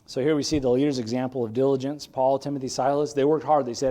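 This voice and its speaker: A man's voice: medium pitch, fairly even intonation, fast, hardly any pauses. Earnest male pastor preaching a sermon. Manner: earnest and conversational, swinging from emphatic bursts to quiet asides. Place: church sanctuary.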